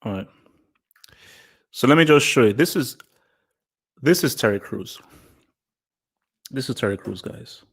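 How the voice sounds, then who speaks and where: A man's voice: medium pitch, animated, measured pace, long pauses, fairly bright tone, slightly rough. A man hosting his own vlog, giving casual opinion commentary in an emphatic way, repeating phrases and restarting sentences. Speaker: vlog host.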